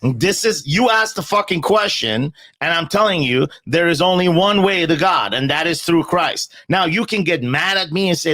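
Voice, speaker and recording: A man's voice: a little high, animated, moderate pace, few pauses, sharp tone, no echo. A man in a casual podcast conversation, talking bluntly and emphatically, often repeating words as he starts a point and swearing freely.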